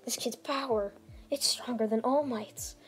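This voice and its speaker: A woman voicing a menacing male villain who tries to steal powers, with soft music behind. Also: a little high, measured pace, lightly acted. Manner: threatening, then baffled.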